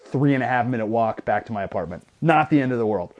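A young man co-hosting a casual sports podcast, retelling a gym story in an animated way with lots of restarts. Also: medium pitch, quick pace. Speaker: podcast co-host.

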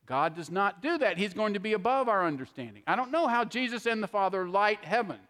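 A man's voice: sits high, expressive, brisk, fairly bright tone. A middle-aged man preaching a conversational sermon, often checking in with an "okay?". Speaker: pastor. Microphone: handheld microphone. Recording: long hall reverb.

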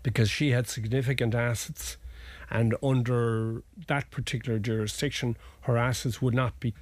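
A man's voice: mid-range voice, steady tone, moderate pace, dry recording. An Irish man, a lawyer guest, talking casually through family law cases with restarts and folksy asides. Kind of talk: conversational legal explanation.

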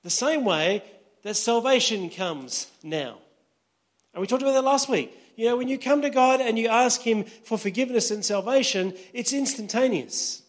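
Man, pastor, sermon, high-pitched voice, chatty preaching, checks in with the congregation. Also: moderate pace. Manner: conversational preaching, checks in with listeners often.

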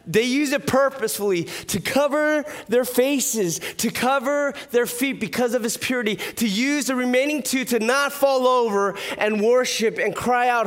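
A man's voice: very high-pitched, moderate pace, few pauses. A man preaching a sermon as pastor, telling stories with humor and asking the listeners questions. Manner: lively storytelling with humor and rhetorical questions.

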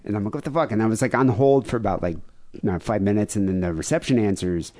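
A low-pitched man co-hosts a podcast in loose casual chat. He is grieving, and his story wanders and swears freely. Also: fast talker, warm tone. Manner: profane, rambling storytelling. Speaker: podcast co-host.

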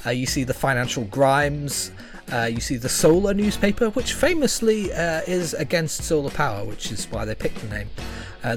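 A man narrating as game master in a tabletop game, dry and hesitant with wry asides. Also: fairly high pitch.

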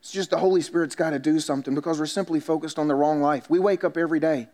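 A man's voice: on the high side, fairly even intonation, very fast, a little mellow. A man, a pastor preaching a sermon in a church and telling stories with self-mocking humor. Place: church sanctuary.

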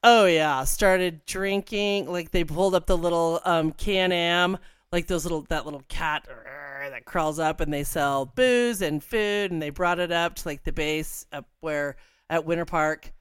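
A woman in casual chat, telling a lively story and laughing often. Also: low-pitched, a little slow, smooth, no echo, clean studio sound.

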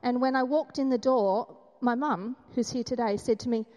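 A woman's voice: fairly high pitch, normal speed, darkish tone, lo-fi sound. Candid woman speaking in an echoing hall. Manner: candid, self-deprecating, storytelling. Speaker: mother giving a testimony at a church gathering. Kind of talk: personal testimony talk.

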